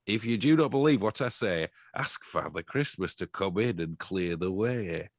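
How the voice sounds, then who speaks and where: Boastful Turkish knight, as a man puts it on with a lively, sing-song delivery, hammy verse for a comic folk play reading. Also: low voice, moderate pace, no echo, clean studio sound. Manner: hammy, declaiming rhyming verse.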